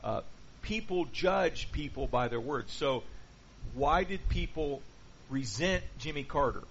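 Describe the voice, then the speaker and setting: A man's voice: fairly high pitch, animated, measured pace, fairly bright tone. A man preaching in a conversational teaching style, checking in with his listeners through rhetorical questions. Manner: peppers points with rhetorical "okay?" and "right?". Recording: dull lo-fi recording with faint background noise.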